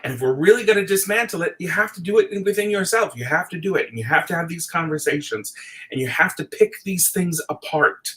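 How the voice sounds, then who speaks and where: A man's voice: high voice, lively intonation, brisk, bright, forceful tone, poor audio. Impassioned, tearful man ranting late at night. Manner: impassioned, profane, tearful at times. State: teary. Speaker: video essayist.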